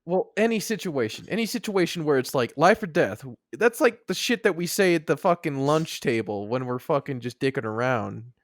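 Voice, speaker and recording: A young man with a gravelly, lively voice that swoops up and down, rambling through crude jokes as a podcast co-host. The sound is dry and close. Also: on the high side, fairly quick, hardly any pauses, no echo. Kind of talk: casual chat.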